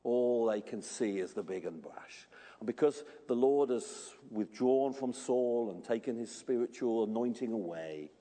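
Brief: preacher, animated storyteller who questions his congregation, expressive voice, reverberant church hall. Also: mid-range voice, measured pace. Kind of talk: sermon.

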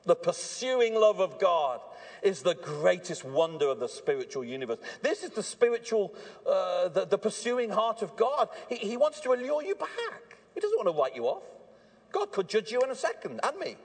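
A man preaching a sermon at an evening church service, earnest and swinging between hushed warnings and fervent emphasis. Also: sits high, big pitch swings, moderate pace.

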